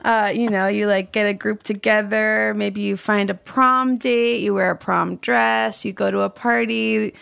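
A woman's voice: medium pitch, fairly even intonation, unhurried, gravelly, hardly any pauses, a bit bright, smooth, no room sound. A woman guest on a podcast, telling a personal story in a wry, self-amused way. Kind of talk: casual podcast chat.

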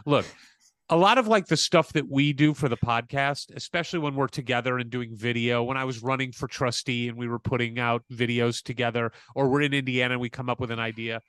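A male podcast host with a mid-pitched voice talks casually and enthusiastically. He heaps effusive praise on his guest. The sound is dry and close, with no room around it. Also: fairly even intonation, brisk, fairly bright tone, smooth, no room sound. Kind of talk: casual interview chat.

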